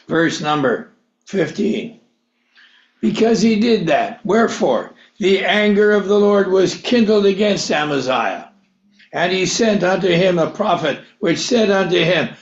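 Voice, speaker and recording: A man's voice: sits high, lively intonation, a little slow, echoey room, lo-fi sound. A man preaching a Bible-teaching sermon, reading verses in old scriptural wording, explaining them conversationally and asking his listeners rhetorical questions.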